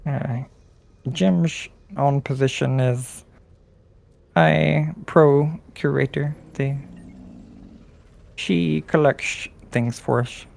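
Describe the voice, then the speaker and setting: A calm insectoid school official, formal and unhurried, played by a man as a tabletop game master. Each word comes slowly, with a gravelly edge. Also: medium pitch, exaggerated voice. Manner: slow, measured, formal speech.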